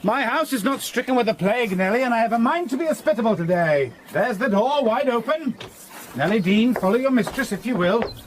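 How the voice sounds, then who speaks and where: An actor playing a brooding, vengeful master in a radio drama, sardonic and commanding, breaking into angry shouts. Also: male voice, very high voice, lively intonation, brisk, slight background noise.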